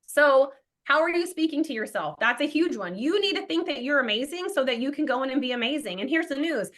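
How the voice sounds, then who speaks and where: Emphatic bright-voiced woman instructor. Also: high voice, lively intonation, fairly quick. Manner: emphatic, acts out quoted self-talk. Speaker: exam prep instructor. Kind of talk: motivational class talk.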